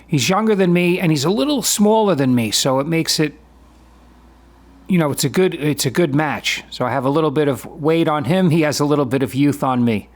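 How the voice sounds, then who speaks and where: Brisk and a little high-pitched, a man in his fifties talks over his own grappling sparring video. His commentary explains the footage matter-of-factly, in a conversational tone.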